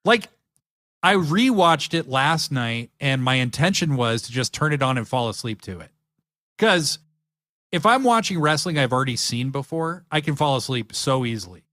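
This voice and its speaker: A man's voice: mid-range voice, lively intonation, moderate pace, fairly bright tone, no room sound. A man hosting a podcast, chatting eagerly and rambling with lots of fillers. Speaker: podcast host. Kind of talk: casual chat.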